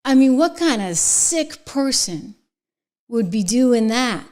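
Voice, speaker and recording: A middle-aged woman hosts her own political commentary show with a slightly high voice. She is indignant and sarcastic, leaning hard on words, and she swings between hushed whispers and sharp outbursts. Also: big pitch swings, slow.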